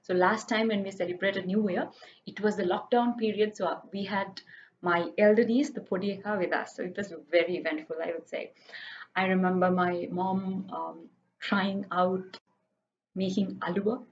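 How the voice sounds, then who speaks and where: A woman's voice: mid-range voice, moderate pace, lo-fi sound, a little hiss or hum. Chatty Sri Lankan woman vlogging. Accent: Sri Lankan English. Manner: chatty, playful, animated. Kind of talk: casual vlog storytelling.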